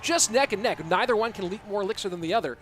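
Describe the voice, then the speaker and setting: A young man with a high, bright-pitched voice calls a live esports match. He cracks jokes and answers chat questions between the action. Faint music plays in the background. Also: quick pace. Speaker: esports caster. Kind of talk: live game commentary and reading chat.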